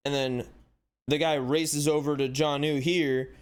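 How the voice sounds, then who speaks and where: A man hosting a sports channel, giving casual, animated commentary with exasperated rhetorical questions and lots of "like". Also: fairly high pitch, a little slow, smooth. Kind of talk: casual commentary breaking down footage.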